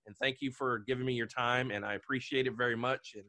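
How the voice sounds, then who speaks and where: A man's voice: mid-range voice, fairly even intonation, fast, pushed and bright, no room sound. A man hosting a podcast, chatting casually with guests and laughing often. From Delaware. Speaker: podcast host.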